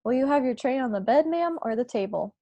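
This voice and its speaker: A woman reading aloud, voicing an anxious older maid who speaks softly and deferentially. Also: high-pitched, animated, fairly quick, dry recording, muffled recording. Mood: fretful.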